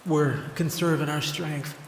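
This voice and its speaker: Trapped miner ghost, read by a male narrator: weary, soft, hopeful, unhurried delivery. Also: a little high, steady tone, echoey room, big-room sound, slight background noise, voice pushed up. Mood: tired, hopeful.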